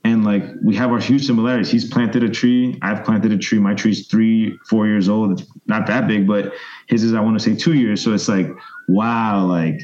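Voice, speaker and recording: Man, thirties, lowish voice, rambling interview guest on a slightly dull lo-fi recording. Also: normal speed. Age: 30s. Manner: rambling, animated storyteller, mimics voices. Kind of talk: casual storytelling interview.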